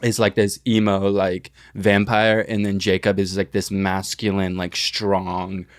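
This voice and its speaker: A man co-hosting a podcast, chatting loosely and joking, and reading an ad in the same relaxed way. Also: deep voice, measured pace, smooth, dry recording, clean studio sound. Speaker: podcast co-host. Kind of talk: casual chat and host-read ad.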